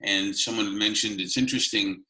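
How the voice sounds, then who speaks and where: A man's voice: lowish voice, fairly even intonation, normal speed, bright, forceful tone, echoey room, rough recording. A man from Canada hosting a casual interview, chatty and rambling with many fillers. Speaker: interview host.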